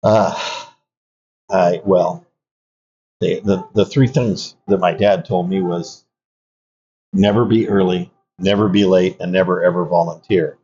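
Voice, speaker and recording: An older man with a low, mellow, warm voice recalls his Army years in an unhurried, anecdotal way. He pauses often and restarts phrases as he talks. The audio is dull and lo-fi. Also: steady tone, slight background noise. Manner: reflective, anecdotal, many fillers and restarts. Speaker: Army veteran guest. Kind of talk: conversational interview storytelling.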